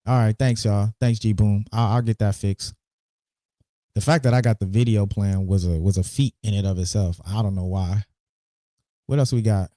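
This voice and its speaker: A man hosting a casual commentary livestream, animated and teasing, often repeating words as he talks. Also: mid-range voice, no room sound, studio quality. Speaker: podcast host.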